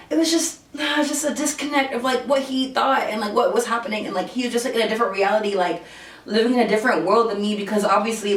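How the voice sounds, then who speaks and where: A young woman vlogger telling a storytime in a casual, slangy, animated way, jumping high when she quotes herself. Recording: echoey room, distant mic, faint hiss.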